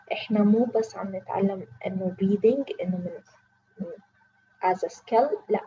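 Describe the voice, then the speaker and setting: Woman teacher, mellow dark voice, dull lo-fi recording with faint hum. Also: mid-range voice. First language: Arabic. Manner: switches between slow careful English and rapid Arabic explanation. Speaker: English teacher. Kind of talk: online reading lesson.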